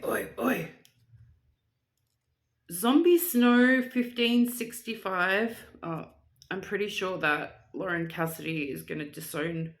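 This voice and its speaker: A young woman vlogger chatting casually while reading out viewer shoutouts, playful and rambling. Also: medium pitch, creaky. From Australia. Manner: chatty and playful, with silly asides and rambling tangents.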